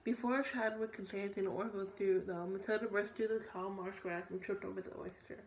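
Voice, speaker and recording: A woman's voice: mid-range voice, fairly even intonation, fast. A young woman reading a children's story aloud, often stumbling and correcting herself. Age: young adult. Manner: stumbling, self-correcting read. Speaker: student reader. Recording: echoey room, faint noise.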